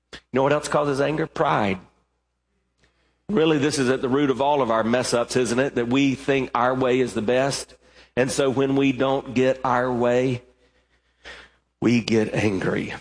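A man's voice: fairly high pitch, long reverb tail. A male pastor preaching a sermon in a church, emphatic and full of rhetorical questions, sometimes repeating words as he builds up. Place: church sanctuary.

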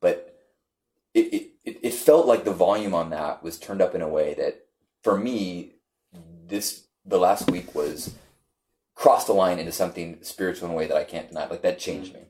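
A man telling a story in a casual group conversation, halting and repeating words, animated when he quotes others. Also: low-pitched, slight background noise.

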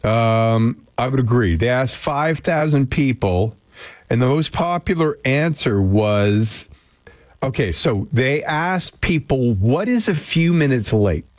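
A man's voice: mid-range voice, expressive, takes it slowly, no room sound. Man radio host, chatty and rambling, dry close studio sound. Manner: chatty, rambling, jokey asides. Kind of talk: casual morning radio chat. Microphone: close studio mic.

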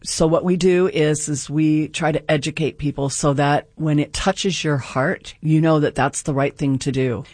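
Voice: mid-range voice, steady tone, moderate pace, hardly any pauses, a little mellow, dry recording. A radio guest and group organizer explaining ideas earnestly, often checking in with the listener. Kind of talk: explanatory radio interview talk.

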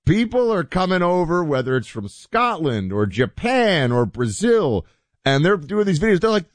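A man hosting a talk show, chatting in an animated, conversational way with plenty of asides. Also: mid-range voice, a little fast, dry recording. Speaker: show host. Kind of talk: opinion talk show commentary.

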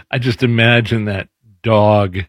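A man's voice: on the low side, steady tone, extremely slow, a bit bright, slight background noise. A man co-hosting, chatting casually and reacting to the other host. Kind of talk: casual commentary.

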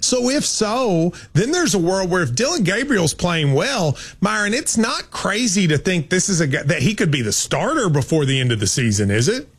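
Sports show host dude, kinda high voice, keeps asking his co-host stuff. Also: big pitch swings, normal speed, hardly any pauses, breathy edge. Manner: quizzing, steers the segment with questions. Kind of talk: sports talk debate.

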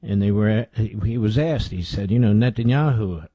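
Husky-voiced talk radio host. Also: male voice, moderate pace, mellow, no echo. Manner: emphatic, rhetorical questions, drops low for asides. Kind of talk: political talk radio monologue.

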